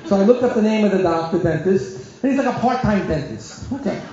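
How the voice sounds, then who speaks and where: A middle-aged man, a rabbi telling animated stories to an audience and acting out voices. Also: sits high, brisk. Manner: animated storyteller, acts out voices and shouts. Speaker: rabbi giving a talk. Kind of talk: storytelling talk to an audience. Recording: dull lo-fi sound in a very echoey hall.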